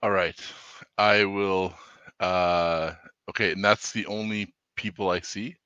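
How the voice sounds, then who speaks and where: A man's voice: low voice, steady tone, takes it slowly, sharp tone, smooth, no echo, highs cut off. A man playing a tabletop game, describing his character in a rambling, hesitant, self-deprecating way. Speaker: player. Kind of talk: casual tabletop game play.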